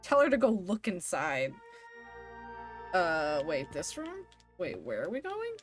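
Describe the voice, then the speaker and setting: A woman's voice: fairly low pitch, measured pace, over music. A woman streaming a game live, reading the dialogue aloud in playful voices and chatting between lines. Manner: animated, reads characters' lines with playful voices and laughs.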